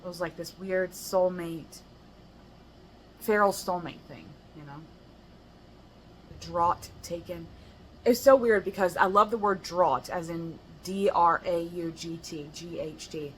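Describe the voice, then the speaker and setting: A woman's voice: on the low side, a little hiss or hum, poor audio. An American woman poet reading her rhyming poems aloud, with casual, chatty asides between them. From United States. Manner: measured rhyming recitation broken by chatty, laughing asides. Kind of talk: poetry reading with casual commentary.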